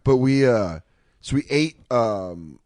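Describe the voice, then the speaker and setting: A man's voice: mid-range voice, lively intonation, takes it slowly, darkish tone, no echo, studio quality. A young man telling a crude, profane story in casual podcast chat, acting out the voices of the people in it. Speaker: podcast co-host.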